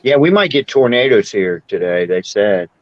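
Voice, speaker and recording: A man's voice: on the low side, animated, moderate pace, no echo, highs cut off. A man in his sixties, hosting a casual chat and telling rambling stories with frequent laughs. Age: 60s. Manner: rambling storyteller, laughs often. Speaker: podcast host.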